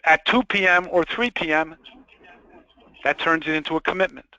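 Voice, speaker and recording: High-voiced man giving an emphatic sales webinar. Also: normal speed, bright, forceful tone, no room sound. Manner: emphatic, repeats key points, poses rhetorical questions. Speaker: webinar presenter. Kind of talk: sales training presentation. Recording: dull lo-fi dry webinar audio.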